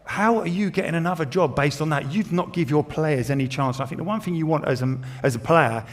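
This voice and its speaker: A man's voice: on the high side, a little fast, in a large hall. A man who once coached, talking football in a thoughtful, questioning way. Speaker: pundit, former coach. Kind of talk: casual football chat.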